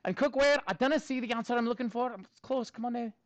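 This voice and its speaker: A male math teacher with a notably high voice, recorded dry and close with almost no room sound. He runs his classroom in an upbeat, chatty way, slipping jokey asides in between the lesson steps. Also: quick pace, dry recording.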